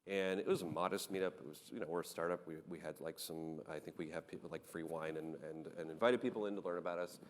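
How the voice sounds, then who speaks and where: A man on a conference panel, telling anecdotes in an animated way with many restarts. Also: low-pitched, fast talker, hardly any pauses, big-room sound. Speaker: panel guest, startup founder.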